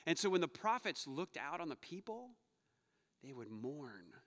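A male pastor with a bright, forceful, slightly high voice delivers a conversational sermon. He drifts from joking asides to hushed, earnest stretches, and his words ring out with the long reverb of a church hall. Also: big pitch swings, a little slow. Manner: conversational preaching, shifts between playful asides and hushed earnest passages. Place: church sanctuary.

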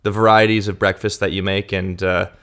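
Quick-talking guy hosting a podcast, smooth clear voice, kinda low. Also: flat delivery, fairly bright tone. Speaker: podcast host. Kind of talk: casual interview chat.

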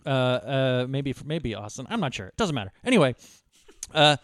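A man's voice: mid-range voice, sing-song, normal speed, dry recording, studio quality. A man co-hosting a movie podcast, telling stories casually, laughing often and mocking himself. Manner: storytelling, laughs often, self-deprecating. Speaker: podcast co-host. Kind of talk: casual chat about movies.

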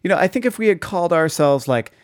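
A man's voice: fairly high pitch, lively intonation, fast talker, no echo, clean studio sound. A man from the Boston area co-hosting a podcast, chatting casually and with enthusiasm. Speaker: podcast co-host. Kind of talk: casual chat.

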